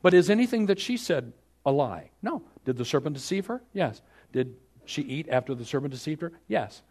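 A man preaching a sermon, asking the congregation rhetorical questions and swinging from hushed to loud. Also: fairly high pitch, sing-song, fairly quick, slightly rough. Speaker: pastor.

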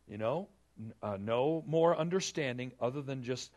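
A man's voice: medium pitch, normal speed. A man preaching a sermon, retelling scripture in a conversational way and acting out the characters' lines. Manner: animated, conversational preaching that acts out biblical dialogue. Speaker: pastor.

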